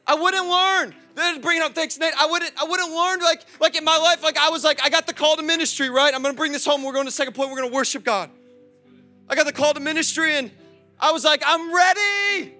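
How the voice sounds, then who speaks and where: Young male pastor, sermon, high voice, bright and forceful, swings between loud calls and soft asides, faint music behind. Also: fairly even intonation, fast talker. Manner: acts out quoted voices, chats with the congregation.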